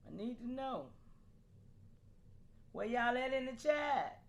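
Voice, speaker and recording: A high-pitched woman speaking hosts a live stream. She talks animatedly, often breaking off to call out to her viewers and laughing between points. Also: animated, takes it slowly. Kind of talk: casual live-stream talk to chat.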